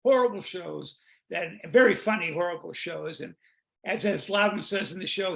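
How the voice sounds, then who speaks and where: Brief: older male comedy writer, high and gravelly, rambling storyteller on a video call. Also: fairly bright tone. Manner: rambling storyteller, restarts, quick jokes. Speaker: guest, comedy songwriter. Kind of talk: casual interview chat.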